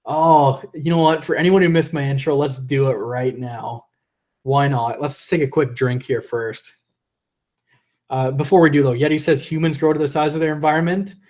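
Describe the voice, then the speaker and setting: A man's voice: on the high side, fairly even intonation, moderate pace, darkish tone. A young man hosting a live stream and reading viewer comments aloud. He rambles, restarts his sentences, laughs often, and is losing his voice. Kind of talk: casual live-stream chat.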